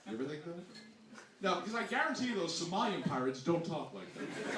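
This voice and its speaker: A man from New Jersey with a New Jersey accent doing a stand-up comedy set, animated and exclamatory, often mimicking other voices. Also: high-pitched, fast talker. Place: small hall with audience. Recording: distant echoey room mic, loud noise.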